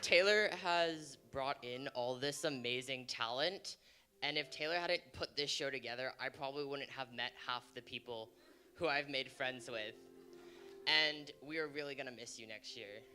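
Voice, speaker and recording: A man's voice: medium pitch, moderate pace, bright, forceful tone. A man giving a sincere, slightly hesitant tribute on a theatre stage. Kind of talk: live onstage tribute speech. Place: theatre stage before a live audience. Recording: live stage sound with music behind.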